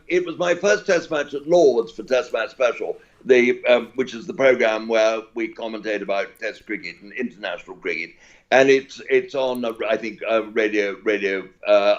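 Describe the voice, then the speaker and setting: An older man with an English accent, a cricket commentator telling rambling, chuckling anecdotes as an interview guest. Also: medium pitch. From England. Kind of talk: anecdotal storytelling. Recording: dull lo-fi audio.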